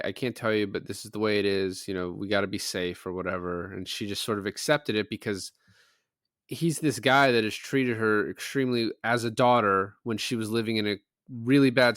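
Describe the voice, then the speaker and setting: A man with a low voice chats casually through a film recap. He tosses in quick voices for each character. The sound is dry and close-miked. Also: no room sound. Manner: animated retelling, quoting characters in offhand voices. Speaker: podcast co-host. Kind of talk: casual chat.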